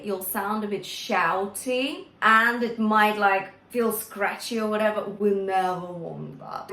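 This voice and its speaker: A woman's voice: mid-range voice, fairly bright tone, reverberant. A woman vocal coach teaching singing, often checking in with the listener as she explains. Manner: encouraging, checks in with "yeah?" and "okay?". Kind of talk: singing lesson with demonstrations.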